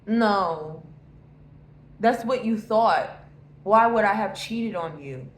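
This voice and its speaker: A woman's voice: medium pitch, expressive, takes it slowly. A woman giving a casual tarot reading to viewers, talking bluntly and swearing freely. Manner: blunt, profane and emphatic. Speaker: tarot reader. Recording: echoey room with faint noise.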